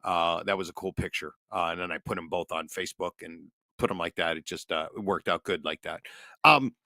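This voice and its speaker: A man's voice: deep voice, a little fast, pushed and bright, dry recording, clean studio sound. A middle-aged man, a podcast co-host, telling a long, rambling family story with lots of swearing. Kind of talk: casual storytelling.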